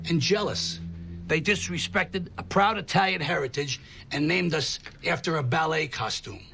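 An actor playing a proud, touchy Italian-American teacher in a comedy clip, talking in a pompous, indignant way. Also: male voice, fairly high pitch, moderate pace, creaky, pushed and bright, slightly rough, full character voice.

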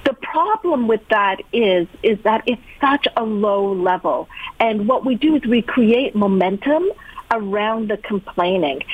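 A woman's voice: on the high side, husky, no room sound. A woman speaking as a guest coach in an interview, explaining in a direct, emphatic coaching manner. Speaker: guest, peak performance coach. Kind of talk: interview answers. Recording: tinny, dry phone line.

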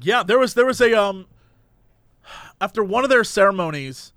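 A man casually recapping a reality show, telling stories with lively put-on voices for the people in it. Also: high-pitched, moderate pace, no room sound, clean studio sound. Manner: animated storyteller, acts out quotes in voices. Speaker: podcast co-host.

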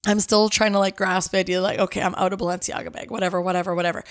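A young woman podcast host telling a story in a casual, lively way, acting out the voices of the people she quotes. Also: fairly low pitch, racing, no room sound, studio quality. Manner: lively, acts out quoted voices, says "like" often.

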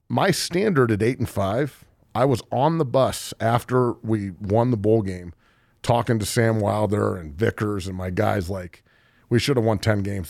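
A man's voice: fairly low pitch, creaky, darkish tone, dry recording, clean studio sound. A man in his forties, talking casually about sports as a podcast host, heated, profane and emotional. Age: 40s. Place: studio.

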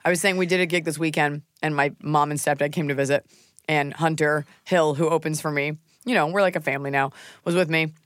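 A woman's voice: low voice, fairly even intonation, brisk, no room sound, clean studio sound. A woman comedian hosting a podcast, chatting and joking while snacking at the microphone. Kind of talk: casual podcast chat. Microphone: studio microphone.

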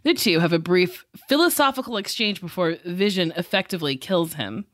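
A woman's voice: lowish voice, expressive, a little fast, a bit bright, no room sound, clean studio sound. A woman co-hosting a podcast, recapping a movie with sarcastic, joking asides. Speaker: podcast co-host. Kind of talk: casual chat, recapping a film.

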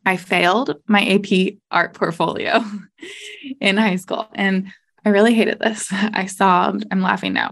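Brief: young woman, solo podcast host, chatty and candid, laughs easily, mid-pitched voice. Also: gravelly. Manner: casual and candid, laughs often, says "like" and "you know".

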